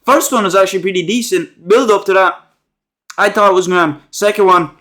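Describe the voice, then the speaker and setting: Young guy with a high voice, rambling sarcastic movie rant, lots of slang and "like". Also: fairly quick, sharp tone. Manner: sarcastic, slangy, rambling with many fillers and restarts. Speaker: movie reviewer.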